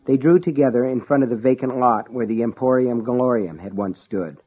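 A man reading a novel aloud as narrator in a steady storytelling voice. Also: mid-range voice, moderate pace, breathy edge, narrow, tinny audio. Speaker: audiobook narrator. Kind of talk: scripted narration.

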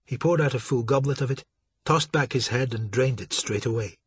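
A man narrating an audiobook in a steady, dramatic storytelling manner, with a husky voice. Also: medium pitch, normal speed, no echo.

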